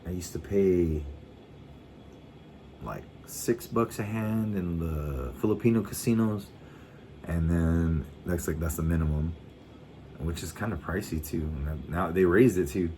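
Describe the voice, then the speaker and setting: Low-voiced laid-back man. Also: measured pace, mellow, slight background noise. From United States. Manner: laid-back rambling storytelling, swears a lot, often restarts. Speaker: vlogger. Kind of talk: casual chat.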